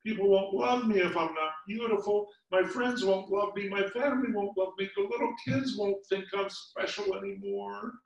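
A man voicing a young female ladybug, anxious and vain, in a high, fretful, pleading voice. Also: lively intonation, takes it slowly, distant mic, dull audio. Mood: distraught. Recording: echoey room, voice set back from mic.

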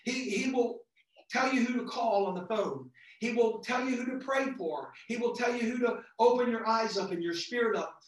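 A man, a visiting lay preacher, giving a fervent sermon in a church, his voice jumping into excited high outbursts. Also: moderate pace. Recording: very echoey church from far off.

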